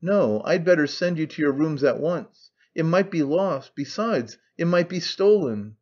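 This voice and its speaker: A man reading an audiobook, voicing a fussy, vain aging male writer with a squeaky voice and a soft gentlemanly lisp. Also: lively intonation, a little slow. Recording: dull lo-fi recording.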